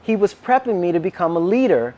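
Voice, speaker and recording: A man delivers a sermon as a personal story, his fairly high voice swooping up and down. He is animated and acts out each line of dialogue. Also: brisk, lo-fi sound. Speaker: minister.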